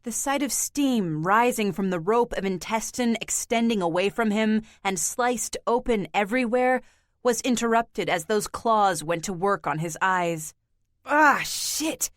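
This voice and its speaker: A woman narrating an audiobook in a slow, measured, even reading. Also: mid-range voice, no echo, studio quality. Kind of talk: scripted narration.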